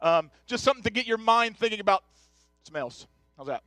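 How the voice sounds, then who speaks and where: A man's voice: high voice, animated, a little fast, pushed and bright, dry recording, faint music behind. A man in his thirties preaching a conversational sermon, joking and chatting straight to his congregation. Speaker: pastor. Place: church sanctuary.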